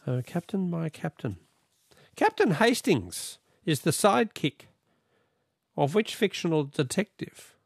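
An Australian man hosts a radio quiz with upbeat, chatty banter. His voice is a bit gravelly and swings lively up and down, recorded dry and close on a studio mic. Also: a little high, measured pace, no room sound.

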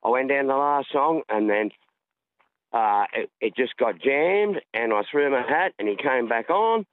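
A man's voice: mid-range voice, expressive, normal speed. An Australian man calling in to a radio show, telling his story in an exuberant, matey way, heard over a phone line. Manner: exuberant, matey storyteller who acts out quotes. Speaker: caller. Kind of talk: casual radio call-in storytelling.

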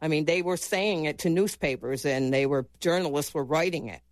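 A woman's voice: low-pitched, fairly quick, a little mellow, dry recording. A middle-aged American woman tells her story in an interview, earnest and insistent, doubling back on words when she gets moved. The sound is dry and close, with no room around her voice. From United States. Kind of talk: emotional personal recollection.

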